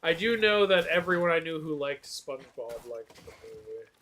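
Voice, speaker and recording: Joking man streamer, slightly high voice. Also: sing-song, normal speed, bright, forceful tone, a little hiss or hum. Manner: joking, laughs often, trips over words. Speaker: streamer host. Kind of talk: casual chat while gaming.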